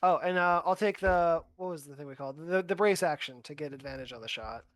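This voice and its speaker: Smooth-voiced easygoing tabletop player. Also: mid-range voice, fast. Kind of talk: casual tabletop game play.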